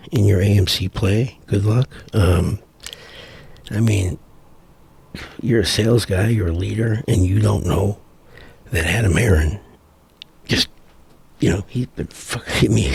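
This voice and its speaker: A man's voice: on the low side, vocal fry, darkish tone, breathy edge. A middle-aged man giving a profane, exasperated vlog rant, rambling with frequent restarts. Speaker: vlogger. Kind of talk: ranting commentary vlog.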